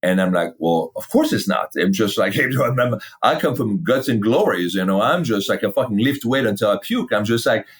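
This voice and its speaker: Middle-aged guy on a podcast, fitness founder, swears a lot, kinda low voice, acts out the back and forth. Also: a little fast, hardly any pauses, breathy edge. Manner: animated, swears freely, acts out past dialogue. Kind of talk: casual storytelling interview.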